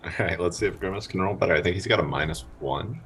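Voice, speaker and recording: A man's voice: deep voice, fast talker, fairly bright tone, slight background noise. A man playing a tabletop game, chatting and joking with the table. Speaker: player. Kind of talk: casual tabletop game chat.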